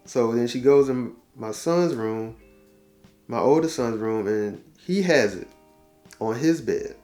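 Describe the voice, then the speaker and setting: A man in his forties spins a casual advice story, acting out each line of dialogue and dropping in easygoing slang. His voice sits at an ordinary middle pitch. Faint guitar music plays softly underneath. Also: slow. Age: 40s. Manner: animated storyteller, quotes dialogue, laughs at himself; conversational, uses slang and repetition. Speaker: relationship talk host.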